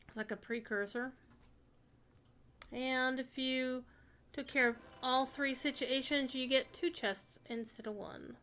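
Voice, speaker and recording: A woman streaming a video game chats casually with her viewers, offering gaming commentary, talking directly to her chat, and swearing casually. Her high-pitched voice is fairly even in intonation, slow with frequent pauses and a bit bright, and there's a little hiss or hum.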